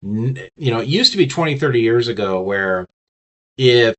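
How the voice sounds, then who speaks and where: A man's voice: medium pitch, expressive, moderate pace, highs cut off. A man teaching business communication in a casual lecture, talking straight to the listener with frequent restarts and fillers. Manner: conversational, many restarts and fillers, talks to the listener directly. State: has the hiccups.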